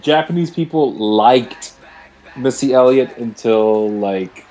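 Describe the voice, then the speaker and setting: Mid-pitched male co-host, slangy and emphatic, faint music behind. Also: takes it slowly, warm tone, highs cut off. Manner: emphatic, slangy, repeats himself. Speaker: podcast co-host. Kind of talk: casual podcast chat.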